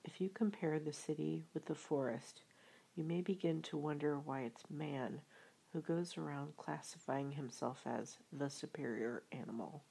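Lady reading a book aloud, half-whispery, husky and creaky. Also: deep voice, normal speed, mellow, poor audio. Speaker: audiobook reader. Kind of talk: audiobook narration.

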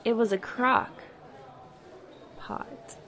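Woman, slow teasing delivery, slight fry, comedy sketch guest. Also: medium pitch, animated, heavy background noise. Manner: playful, teasing, slow punchlines. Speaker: support group guest.

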